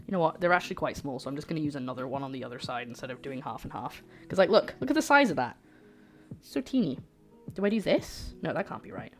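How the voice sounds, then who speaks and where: A woman hosts a casual cooking livestream, chatting and joking with her viewers as she works. Her voice sits a touch low, and faint music plays in the background. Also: big pitch swings, fast talker. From lives in Scotland. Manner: chatty, jokey, self-deprecating, talks to chat.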